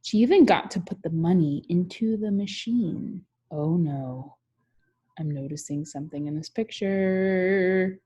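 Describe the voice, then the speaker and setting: A woman's voice: on the low side, a little slow, warm tone, breathy edge. A young woman teacher reads a picture book aloud to children, chatting and asking them questions along the way.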